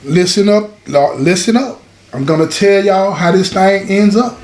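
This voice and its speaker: A man's voice: high-pitched, normal speed, a little mellow, roomy sound. A man telling listeners a prison story, talking to them directly and repeating phrases for effect. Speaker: storyteller host.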